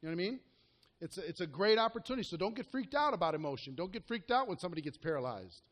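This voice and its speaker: A man's voice: high voice, animated, racing, fairly bright tone. A man coaching a live group, talking earnestly and directly and often asking the room questions. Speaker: network marketing coach.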